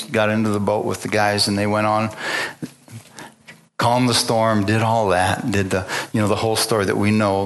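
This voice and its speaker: Preaching a sermon, a pastor retells the story in a casual, conversational way, performing the dialogue and frequently breaking off to begin sentences again. His voice is lowish and a bit bright.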